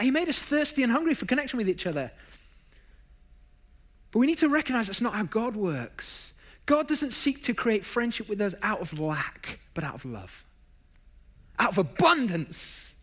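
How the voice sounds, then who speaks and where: A man's voice: high-pitched, big pitch swings, normal speed, fairly bright tone. A man preaching a sermon, stacking up emphatic lists of phrases and dropping in self-deprecating asides.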